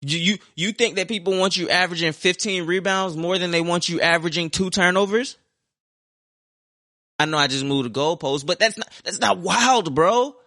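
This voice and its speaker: Young male podcast host, forceful bright voice, profane sarcastic sports rant, dry close sound. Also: high-pitched, moderate pace, dry recording. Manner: heated, profane, sarcastic ranting. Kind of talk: ranting sports talk.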